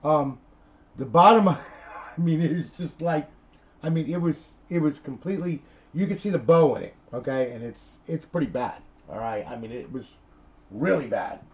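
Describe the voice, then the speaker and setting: A man's voice: on the high side, lively intonation, moderate pace, low-quality recording. A middle-aged man telling a console repair story in a chatty, rambling way, checking in with okay and all right as he goes. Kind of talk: rambling casual video talk.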